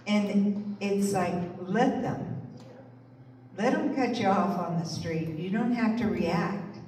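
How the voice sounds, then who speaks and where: A woman's voice: medium pitch, warm tone, slight background noise. A woman giving an encouraging sermon at a church service and asking the congregation to answer her. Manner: encouraging, calls for congregation responses. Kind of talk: inspirational sermon talk. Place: church sanctuary. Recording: echoey hall, distant mic, faint music.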